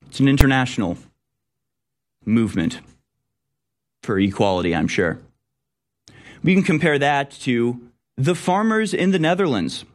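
A man hosting a talk radio show, giving sarcastic, rambling political commentary. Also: medium pitch. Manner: mocking, sarcastic, loose and rambling.

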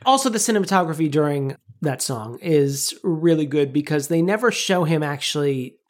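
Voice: mid-range voice, expressive, normal speed. A podcast co-host in their thirties chatting casually and enthusiastically about a film, laughing often. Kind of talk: casual film-review chat.

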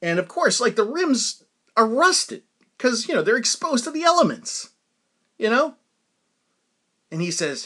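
A podcast host telling stories on his own, his voice sitting a little high for a man. He rambles and trails off, laughing at his own jokes as he goes. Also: very animated, a little slow, pauses often, bright, forceful tone. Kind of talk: solo storytelling podcast.

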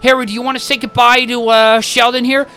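A man putting on the voice of a middle-aged mother, soft and appeasing. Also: extremely high pitch, little pitch movement, a little fast, clear, resonant tone, faint music behind, voice pushed up. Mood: coaxing.

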